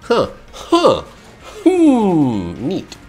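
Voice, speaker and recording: A man casually commenting while he streams a video game, rambling, joking and breaking into excited outbursts. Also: on the high side, extremely slow, breathy edge, soft background music. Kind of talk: casual let's-play commentary.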